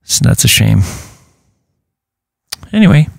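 A man's voice: mid-range voice, sing-song, slow pace, gravelly, slightly rough, no room sound, clean studio sound. A man co-hosting a casual podcast, talking in an easygoing, chatty way with lots of fillers. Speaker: podcast co-host. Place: home podcast setup in New Hampshire.

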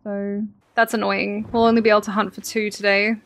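A young Australian woman chatting over a game as a streamer, excitable, swearing freely and laughing often. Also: mid-range voice, brisk. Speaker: gaming streamer. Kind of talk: casual game commentary.

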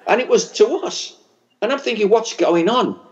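A man's voice: high voice, normal speed, darkish tone, highs cut off. A man from England with a strong working-class regional English accent, preaching a fervent sermon at a church conference. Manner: fervent, storytelling, builds to a blessing. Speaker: pastor. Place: large church conference hall.

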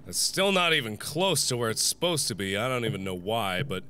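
A young man playing a horror game and commenting, sick and nauseous, swinging between shrieked curses and low, worn-out muttering. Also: sing-song, brisk, heavy background noise. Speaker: gaming YouTuber. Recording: game music behind.

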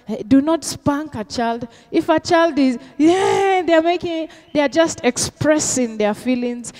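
A woman's voice: sits high, darkish tone. A middle-aged woman pastor, preaching a sermon with call-and-response questions and Swahili phrases mixed in.

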